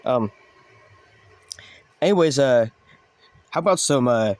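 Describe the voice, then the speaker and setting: A man's voice: mid-range voice, expressive, slow pace, a little mellow, no room sound. A man hosting a comedy show, talking in a rambling, hesitant way with many ums and uhs. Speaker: host.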